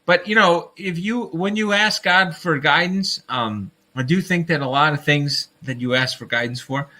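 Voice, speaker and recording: Speaking at a moderate pace, a man with a slightly high, sharp voice runs a laid-back livestream. He goes off on fired-up tangents, laughs often, and keeps calling everyone folks.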